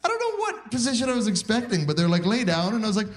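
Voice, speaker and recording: A man's voice: very high voice, rapid-fire. A man in his forties from Canada, doing a live stand-up set and acting out the voices in his stories. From Saskatoon, Canada. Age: 40s. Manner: animated, acting out quoted voices. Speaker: stand-up comedian.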